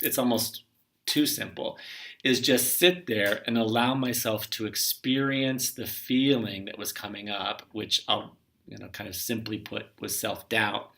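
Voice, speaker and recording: Bright-voiced gentle man, distant mic. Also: lowish voice. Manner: gentle, musing, often trails off softly. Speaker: spiritual teacher. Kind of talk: reflective solo talk.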